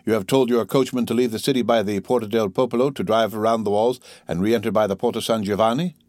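A man reading aloud puts on a proud Italian innkeeper who is quick to take offence and speaks with earnest insistence. The voice sits a little low, and the dry recording has no room sound. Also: steady tone, darkish tone, dry recording, natural voice. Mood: insistent.

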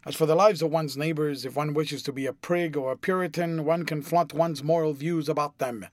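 A man voicing a witty, cynical aristocratic gentleman who drawls out airy, amused epigrams in an audiobook reading. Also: fairly high pitch, fairly even intonation, brisk, no room sound, clean studio sound, close to an everyday voice. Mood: drawling.

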